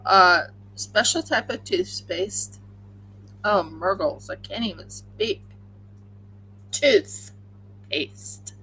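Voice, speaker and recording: A woman's voice: mid-range voice, slow pace, pushed and bright, a little hiss or hum, rough recording. A woman hosting a crafting livestream, chatting casually and rambling with many fillers while she crochets at home.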